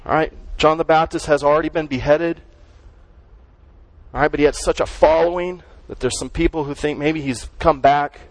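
A man's voice: a little high, fairly even intonation, normal speed, no echo, low-quality recording. A man preaching a sermon as pastor, conversational and emphatic, full of rhetorical questions.

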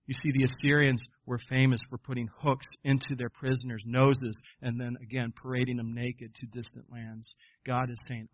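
A man's voice: mid-range voice, moderate pace, few pauses, no echo, muffled recording. Earnest man preaching through scripture. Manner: earnest, addresses listeners as folks and guys; reads scripture with rising emphasis, repeats words when excited. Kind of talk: sermon with scripture reading.

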